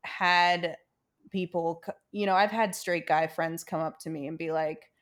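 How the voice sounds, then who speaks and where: A woman's voice: fairly low pitch, steady tone, normal speed. A woman co-hosting a casual podcast, talking hesitantly and choosing her words with care, with many fillers and restarts. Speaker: podcast co-host.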